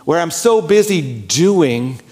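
A male pastor giving a sermon in a relaxed, conversational tone. His voice sits a little higher than most men's, and he slips into quick quoted prayers and inner asides as he speaks. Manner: conversational, candid, acts out inner dialogue and prayers.

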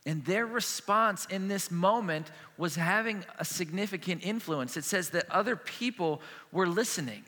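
A man's voice: high-pitched, animated, moderate pace, hardly any pauses. A man preaching a sermon as a pastor, earnest and conversational, speaking plainly about faith and struggle. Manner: earnest, conversational preaching with a hushed closing prayer. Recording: long hall reverb.

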